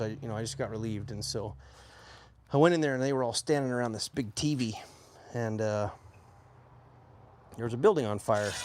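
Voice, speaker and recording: A man in his forties, an army veteran, telling his own story in a casual, plainspoken way with faint hum behind him. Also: medium pitch. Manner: plainspoken, animated when quoting others.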